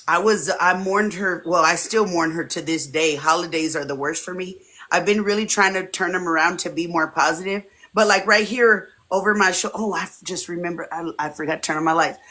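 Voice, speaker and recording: Lively woman in her 40s telling stories, bright voice, does her friends' voices. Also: fairly low pitch, normal speed. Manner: animated storyteller, often acting out quoted friends. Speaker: interview guest. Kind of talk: casual chat. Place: home streaming setup.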